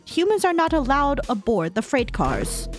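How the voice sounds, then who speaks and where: A woman voicing a cool, deadpan young woman who explains rules patiently. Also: sits high, normal speed, faint music behind.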